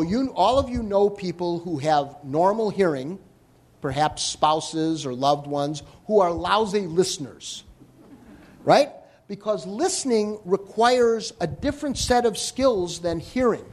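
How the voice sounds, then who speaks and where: A man giving a live talk to an audience on hearing and listening, explaining in an animated way with joking asides. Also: high-pitched, slow. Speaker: hearing health lecturer.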